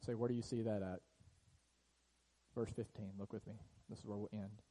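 A man preaching in an earnest sermon style, his voice dark and mellow. He often sinks to a quiet hush to press a point, then lifts again. He is speaking in a church sanctuary. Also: on the low side, little pitch movement, normal speed, rough recording. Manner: earnest preaching, drops to a hush on key lines. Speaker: pastor.

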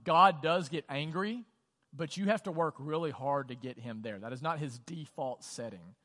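A man's voice: on the high side, normal speed, bright, forceful tone. Preaching man in a reverberant church. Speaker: pastor. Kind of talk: sermon. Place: church auditorium. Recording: long church hall reverb.

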